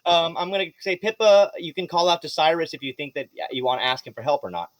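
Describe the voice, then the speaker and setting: A man runs a tabletop game with a somewhat high, animated voice, cursing freely as he narrates. His voice sounds dry and close, with no room around it. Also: quick pace, no echo. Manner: animated, swears freely, laughs often. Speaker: game master.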